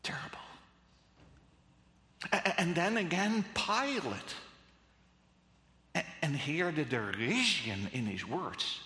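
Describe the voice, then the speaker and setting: A man preaching a sermon, dramatic and emphatic, swinging between loud and hushed delivery. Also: a little high, sing-song. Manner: slow and emphatic, with long pauses. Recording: echoey hall.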